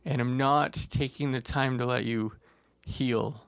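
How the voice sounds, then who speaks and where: A man co-hosting a podcast, talking earnestly and haltingly about painful experiences, close to tears and repeating words as he gathers his thoughts. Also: medium pitch, fairly even intonation, vocal fry, no echo. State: tearful. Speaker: podcast co-host. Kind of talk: emotional casual conversation.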